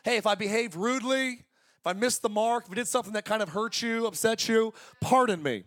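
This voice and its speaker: High-voiced energetic preacher man in his forties. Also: quick pace. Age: 40s. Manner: energetic, conversational preaching with jokes. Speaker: pastor. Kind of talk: sermon.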